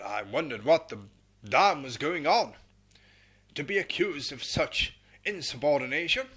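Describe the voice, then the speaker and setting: A man's voice: fairly high pitch, sharp tone, heavily acted. A man putting on a jolly posh old English officer. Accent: posh southern English. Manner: hearty, plummy, old-fashioned slang.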